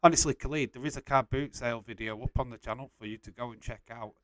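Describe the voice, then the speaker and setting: A man's voice: mid-range voice, fast talker, fairly bright tone, no echo. A young man casually hosting a live stream, reading out and answering chat messages and laughing often.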